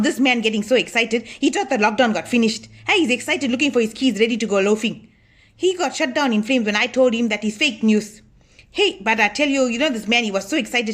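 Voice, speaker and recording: A woman playing a bossy older auntie who chats to viewers in a comic monologue, scolding and gossiping about her lazy husband. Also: on the high side. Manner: chatty, gossipy, scolding, addresses viewers as y'all. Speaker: comedy sketch character.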